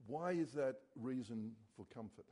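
A man preaching a sermon as pastor, earnest and dropping low and quiet on key words. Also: expressive, a little slow.

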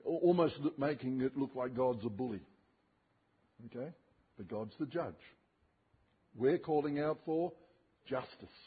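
A male preacher giving an expository sermon, reading scripture slowly and emphatically, with dramatic rises and drops in his voice. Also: medium pitch, breathy edge. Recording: tinny phone-like sermon recording.

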